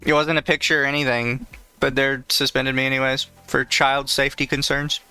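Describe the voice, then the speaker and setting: A man's voice: medium pitch, level tone, fairly quick, pushed and bright, smooth, no room sound, soft background music. A man co-hosting a podcast in casual chat, joking and laughing often over a remote call. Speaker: podcast co-host.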